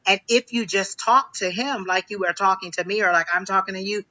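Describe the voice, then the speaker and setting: A man giving a live psychic reading on a stream, talking in a halting way, repeating phrases with many ums. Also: high-pitched, steady tone, sharp tone, low-quality recording. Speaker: psychic reader.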